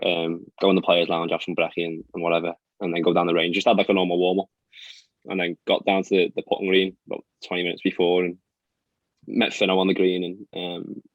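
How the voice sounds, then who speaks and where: A man's voice: deep voice, monotone, dry recording. A young man, a professional golfer telling stories in a casual podcast chat, with lots of fillers. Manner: fast, chatty storytelling with frequent fillers and laughs. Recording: dry, dull lo-fi sound.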